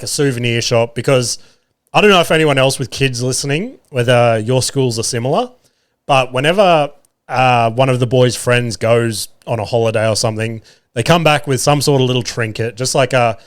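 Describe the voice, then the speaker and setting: Australian male podcast host, thirties, loose and animated storyteller, mid-pitched voice, swears freely. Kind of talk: casual storytelling.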